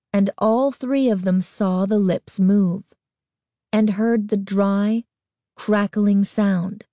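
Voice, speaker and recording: A woman narrating a spooky story in a slow, measured storytelling manner. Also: mid-range voice, mellow, no echo, studio quality. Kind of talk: scripted horror story narration.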